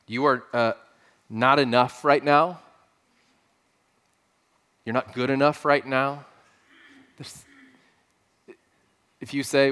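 Male pastor, mid-pitched, earnest sermon delivery with emphatic repetition. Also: unhurried, pauses often, fairly bright tone. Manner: earnest, emphatic, with repeated phrases.

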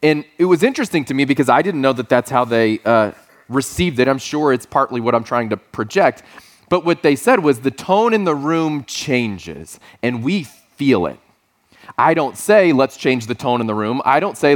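A man's voice: mid-range voice, expressive, normal speed. A man in his forties giving a sermon as a pastor, conversational and storytelling, with playful asides.

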